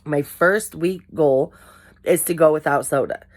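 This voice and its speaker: Low-voiced woman vlogging candidly. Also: unhurried. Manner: candid, rambling, self-deprecating. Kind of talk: casual talk to camera.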